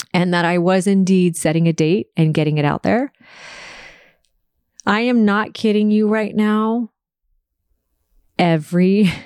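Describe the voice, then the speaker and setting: Woman podcaster, kinda gravelly low voice, dry close sound, emotional storytelling. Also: mellow, no echo. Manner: emotional, tells story with quoted dialogue. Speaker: podcast host. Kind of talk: personal storytelling monologue.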